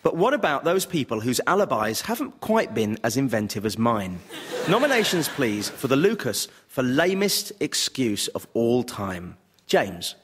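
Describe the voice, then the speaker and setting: A man's voice: mid-range voice, very animated, moderate pace. A man hosting a radio comedy panel show, with playful, teasing banter. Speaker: host.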